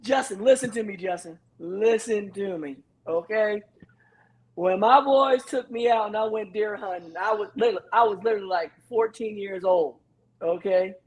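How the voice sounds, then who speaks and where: A man's voice: sits high, moderate pace, low-quality recording. A man telling a story in casual chat, emphatic and repeating his phrases as he acts out quotes. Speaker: guest.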